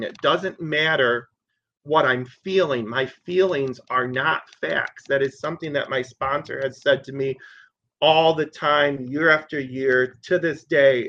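A man's voice: on the high side, pushed and bright, muffled recording. A man in his thirties giving an earnest, conversational personal share at a recovery meeting, repeating phrases for emphasis.

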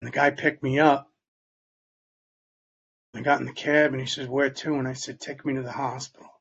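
A man telling a personal story in plain, halting words, sometimes dropping almost to a whisper. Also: mid-range voice, flat delivery, creaky, fairly bright tone, dull audio, slight background noise. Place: Long Island, New York.

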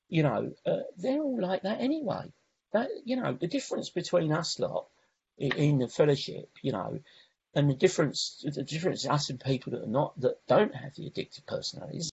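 A man's voice: on the high side, vocal fry, a little mellow, breathy edge, lo-fi sound. A man sharing his recovery story at a meeting, rambling, with many restarts and "you know"s. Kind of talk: personal recovery share.

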